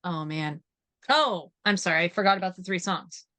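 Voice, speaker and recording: A woman's voice: lowish voice, moderate pace. A woman from West Virginia chatting as a podcast guest, telling stories with frequent laughs. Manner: giggly, lively storytelling. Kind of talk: casual chat.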